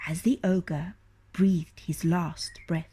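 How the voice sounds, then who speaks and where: A woman reading a children's storybook aloud, expressive and often dropping into a hushed whisper. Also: fairly low pitch, takes it slowly, husky.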